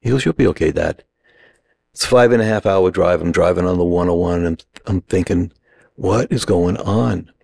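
A middle-aged man, an acting teacher, telling an animated story on a podcast and acting out the other people's voices. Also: sits low, fairly quick, gravelly. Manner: animated anecdote, acts out quoted voices.

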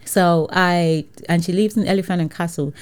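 A woman from Nigeria, a guest in an interview, telling her story in a lively way and laughing often. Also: lowish voice, normal speed. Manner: lively, laughs often, acts out quoted people. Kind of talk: conversational storytelling.

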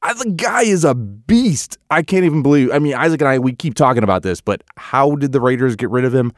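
Excitable man talking football. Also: medium pitch, fairly quick, no echo, studio quality. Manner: excitable, swings between frustration and hype. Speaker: sports podcast co-host. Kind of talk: casual sports chat.

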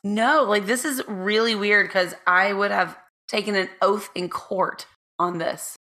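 A woman co-hosting a podcast in casual chat, a little hoarse, laughing often and trailing off mid-thought. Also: mid-range voice, measured pace, pushed and bright. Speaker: podcast co-host. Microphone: studio mic with red light.

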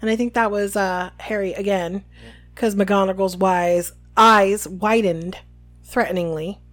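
A woman's voice: mid-range voice, fairly even intonation, a little slow, fairly bright tone. A woman co-hosting a casual podcast, reading a book aloud and laughing off her slips. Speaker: podcast co-host.

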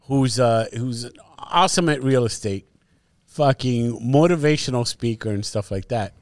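A man's voice: medium pitch, unhurried, dry recording. A middle-aged man from New York, co-hosting a casual podcast chat, telling stories with lots of swearing and acting out what others said. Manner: animated storyteller, swears freely, acts out others' lines. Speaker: podcast co-host.

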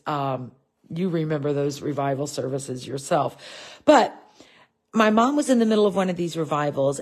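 A woman gives a casual Bible lesson in a low-pitched voice. She talks conversationally, with frequent fillers and restarts as she mixes a family story into her teaching.

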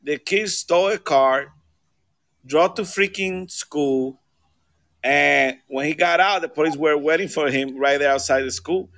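Man, podcast panelist, heated, swears, high bright voice. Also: measured pace, no room sound, clean studio sound. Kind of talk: casual podcast chat.

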